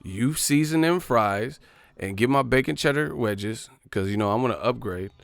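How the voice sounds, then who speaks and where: A man's voice: mid-range voice, lively intonation, moderate pace, vocal fry, a bit bright, no room sound. A man hosting a boxing livestream, ranting casually and profanely while driving his car. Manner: profane, rambling, mocking. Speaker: boxing channel host.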